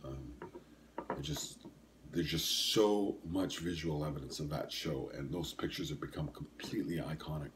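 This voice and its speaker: Speaking at a moderate pace in a rumbling low voice, a man in his sixties hosts a solo podcast with slight background noise. His talk is casual and rambling, thick with ums and self-corrections, and he keeps coughing and sniffling.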